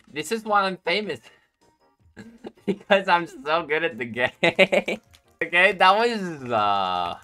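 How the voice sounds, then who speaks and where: Gaming YouTuber, male, bright and bouncy delivery, laughs a lot, chats at opponents mid-game. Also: mid-range voice. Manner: excitable, laughs often, talks to himself and opponents. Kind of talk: live gameplay commentary.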